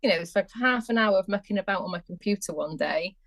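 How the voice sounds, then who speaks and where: A woman's voice: mid-range voice, fast, fairly bright tone, dry recording. A woman, a business owner guesting on a podcast, chatting casually and quoting what people said to her. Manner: chatty, laughing, quoting others. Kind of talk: casual chat.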